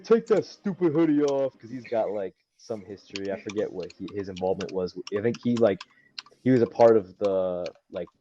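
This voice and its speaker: Young guy rambling through a story w/ tons of likes and ums, lowish mellow voice, kinda dull lo-fi audio. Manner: rambling, many fillers, acts out quotes. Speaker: wrestler guest. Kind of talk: casual storytelling. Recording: dull lo-fi sound.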